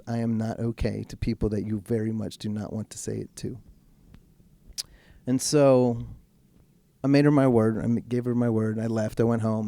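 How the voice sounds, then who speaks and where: A man speaking as a podcast guest, telling a personal story in a frank, casual way and swearing freely, slowing right down when he wants to stress a point. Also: lowish voice, warm tone, no echo. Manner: slows right down for emphasis. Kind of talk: candid personal storytelling in conversation.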